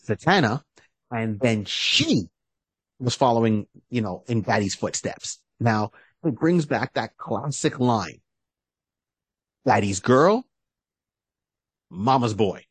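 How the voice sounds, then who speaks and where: A man on a podcast retells a comic book plot, keeping the story lively with quick put-on voices for its characters. His voice is husky, and the sound is dry and close with no room around it. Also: fairly low pitch, no room sound. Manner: animated storyteller who acts out short character voices. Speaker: podcast co-host.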